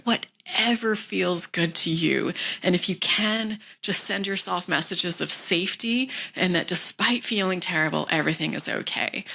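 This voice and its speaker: A woman coach giving a calm, gentle how-to talk to camera, reassuring and sometimes dropping into soft whispers. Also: fairly low pitch. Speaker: wellness coach.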